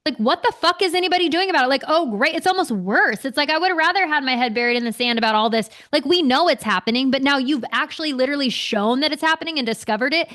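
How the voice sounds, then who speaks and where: A woman's voice: high voice, fast, few pauses, fairly bright tone. A young adult woman co-hosting a podcast, ranting heatedly in casual chat and swearing a lot. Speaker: podcast co-host.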